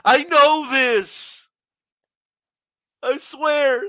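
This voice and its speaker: A man's voice: very high voice, extremely slow, pushed and bright, no echo. A man hosting a boxing channel, ranting sarcastically with profanity and frequent laughs. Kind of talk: sarcastic commentary rant.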